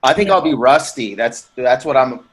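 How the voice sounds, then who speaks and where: A comedian in loose podcast banter who talks in halting restarts when he doubts himself. He snaps back with crude comebacks when teased. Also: mid-range voice, lively intonation, husky, rough recording. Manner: halting, self-doubting, quick profane comebacks. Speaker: comedian guest.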